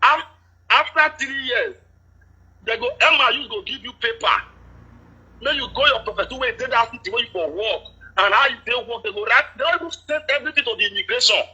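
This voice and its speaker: High, husky Nigerian Pidgin-speaking man. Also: fairly quick, low-quality recording. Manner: explaining at length, steady and detailed. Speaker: caller. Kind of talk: casual chat.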